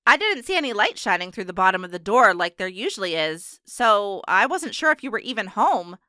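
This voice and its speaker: Lady doing a chirpy sing-songy aunt, calls out bright and clear. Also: mid-range voice, very animated, fairly quick, no room sound, clean studio sound. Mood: cheerful. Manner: sing-song, chirpy, raised voice. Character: cheerful middle-aged aunt, easygoing.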